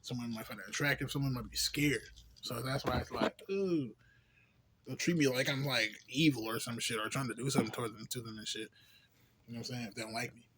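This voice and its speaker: A man's voice: medium pitch, fairly even intonation, fast talker, background noise. A young man, a little tipsy from beer, talking loosely in a rambling vlog monologue with lots of slang, fillers and swearing. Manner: loose, profane, filler-heavy slang talk. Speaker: vlogger.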